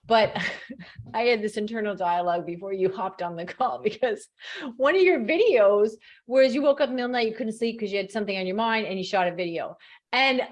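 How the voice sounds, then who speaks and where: A woman's voice: mid-range voice, brisk. A woman hosting a podcast interview, chatty and self-mocking, often laughing as she tells stories. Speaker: podcast host. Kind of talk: casual interview talk.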